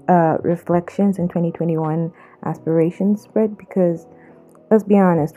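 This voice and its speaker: A woman from Zambia talks over her video in a relaxed, joking way, full of slang asides. Her voice sits low and comes out husky. The sound is muffled and narrow, like a phone line. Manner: playful, self-mocking, drawn-out slang asides. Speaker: vlogger. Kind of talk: casual voice-over narration.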